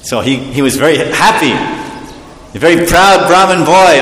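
A man telling a devotional story with animation and a slightly high voice. His talk rings in a roomy hall with long reverb. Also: moderate pace. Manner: animated, acts out characters, laughs often.

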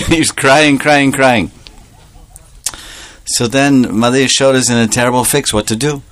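A man's voice: medium pitch, measured pace, dry recording. Playful, laughing male storyteller-preacher. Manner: animated, laughing often, playful asides. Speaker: preacher telling a devotional story. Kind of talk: storytelling sermon.

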